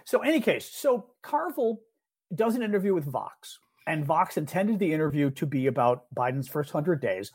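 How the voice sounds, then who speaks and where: A man co-hosting a podcast, talking in a rambling, chatty way about politics and quick to agree with his partner. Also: on the high side, expressive, darkish tone, breathy edge. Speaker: podcast co-host. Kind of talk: casual political chat.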